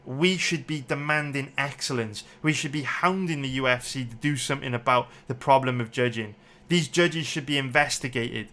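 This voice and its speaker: A man's voice: mid-range voice, moderate pace, bright, forceful tone. A man angrily breaking down a mixed martial arts fight round by round, swearing and repeating himself as he gets worked up. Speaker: MMA betting analyst. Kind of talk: angry fight breakdown commentary.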